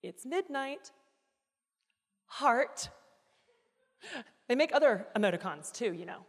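A woman giving a sermon, telling a personal story with dramatic, emotional swings between quiet reflection and loud pleading. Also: mid-range voice, animated, a little slow. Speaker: guest speaker. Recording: reverberant hall.

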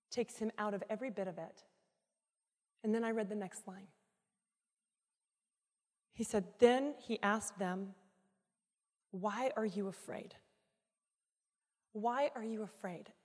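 A woman giving a sermon, telling a personal story with dramatic, emotional swings between quiet reflection and loud pleading. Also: mid-range voice. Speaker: guest speaker. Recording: reverberant hall.

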